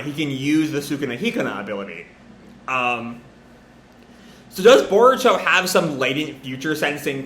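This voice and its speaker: A man's voice: fairly high pitch, fairly bright tone, a little hiss or hum. A man giving casual, rambling commentary while reading a comic aloud live. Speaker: manga reaction host. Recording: roomy echo.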